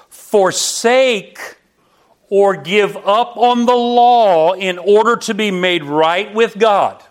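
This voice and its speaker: A middle-aged male pastor preaching with a notably high voice and an unhurried, deliberate pace. He speaks emphatically and keeps turning to his listeners with rhetorical questions. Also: fairly bright tone. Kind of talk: sermon.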